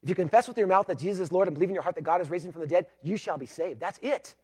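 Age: adult. Sex: man. Pitch: high. Style: sermon, emphatic with loud and hushed swings. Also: racing, breathy edge. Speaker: pastor.

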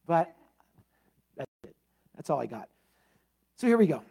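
A man's voice: a little high, big pitch swings, a little slow, vocal fry, dark tone, husky. A man, the pastor, giving a conversational sermon with prayer and a scripture reading, talking with fillers and casual asides.

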